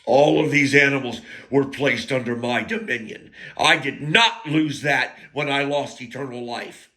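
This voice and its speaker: A man's voice: mid-range voice, unhurried, sharp tone. A man telling a rambling personal story in a blunt, crude way, drifting into side rants.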